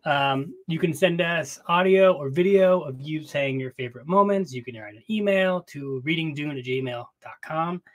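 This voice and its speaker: A man's voice: fairly high pitch, normal speed, few pauses, fairly bright tone. A man co-hosting a book podcast in casual chat, playful and jokey, recorded in a small closet. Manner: playful, jokey, chatty with filler words. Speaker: podcast co-host.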